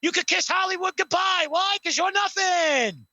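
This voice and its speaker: A man's voice: very high voice, normal speed, bright, forceful tone, dry recording, dull audio, voice pushed up, heavily acted. Man putting on a brash male wrestling star mocking his rival, thin-toned and dry. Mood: taunting. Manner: trash-talking, repeats his catchphrase. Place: at home.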